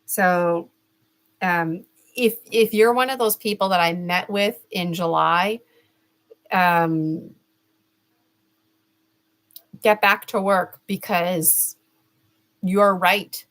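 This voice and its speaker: A woman's voice: fairly low pitch, takes it slowly, fairly bright tone. A middle-aged woman giving a casual gemstone reading, chatty and rambling, with many fillers and restarts. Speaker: spiritual reader.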